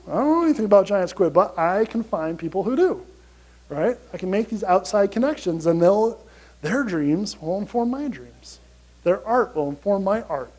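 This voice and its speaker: Brief: high-pitched male conference speaker, energetic, chatty, keeps checking in with the crowd. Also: normal speed, poor audio. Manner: energetic, chatty, repeats "you gotta" and "right?". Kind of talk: motivational conference talk.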